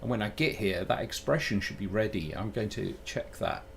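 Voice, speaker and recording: A man streaming live while programming, thinking aloud in a halting way that keeps breaking off mid-sentence. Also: fairly low pitch, expressive, vocal fry, a little hiss or hum. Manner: halting, self-interrupting, muttering while working.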